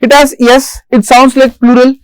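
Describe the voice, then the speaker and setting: A man giving a recorded grammar lecture as a lecturer, stressing single words slowly and repeating each rule and example. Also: very high-pitched, flat delivery, clear, resonant tone, no echo, poor audio. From India. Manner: repeats rules and examples deliberately. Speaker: English lecturer.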